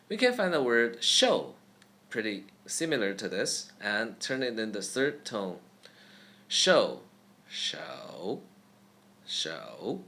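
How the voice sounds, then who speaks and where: Slow, careful man teaching pronunciation. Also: medium pitch, sharp tone. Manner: slow, careful, demonstrating sounds repeatedly. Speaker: language teacher. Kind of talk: pronunciation lesson.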